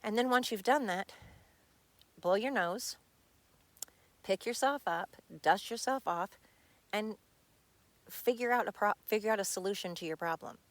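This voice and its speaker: Recorded dry at home with her dog nearby, a middle-aged podcast host speaks in a medium-pitched voice at a measured pace, pausing often. Her personal monologue is frustrated and blunt, with plenty of swearing.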